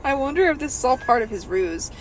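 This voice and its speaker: A woman with a fairly high voice reads a book aloud for a comedy podcast, in first person. She keeps an easy, wry tone between lines. A faint hiss sits under the recording. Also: animated, quick pace, poor audio. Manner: reads in first person, breaks into laughter and asides. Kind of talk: comedic reading with banter.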